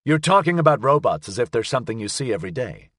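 A man's voice: mid-range voice, very animated, quick pace, fairly bright tone, no echo. A man voicing a wary, skeptical man with a dry manner.

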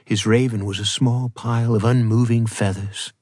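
A man reading a novel aloud as audiobook narrator, in a steady, measured way. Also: mid-range voice, no echo, clean studio sound. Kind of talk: scripted narration.

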